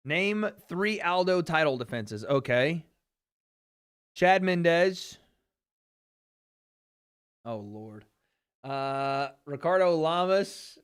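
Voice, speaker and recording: A man from Tennessee hosting a fight watch party stream, answering viewer questions in slangy, casual talk and cheering loudly when the action heats up. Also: fairly high pitch, expressive, extremely slow, long pauses, clear, resonant tone. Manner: laid-back and slangy, swearing, gets loud cheering the fight. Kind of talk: casual livestream chat, reading viewer questions.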